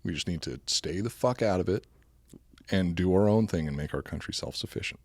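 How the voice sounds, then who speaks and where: A man with a low voice co-hosts a casual podcast. He reads history notes in a loose, profane way and keeps breaking off to joke. The sound is close and dry, with no room echo. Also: a little fast, a little mellow. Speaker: podcast co-host.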